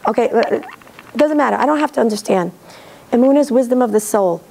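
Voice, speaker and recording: A woman with a hoarse voice from laryngitis, giving an earnest, animated religious lecture to an audience and acting out bits of dialogue. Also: on the high side, fast talker, rough recording. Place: synagogue hall.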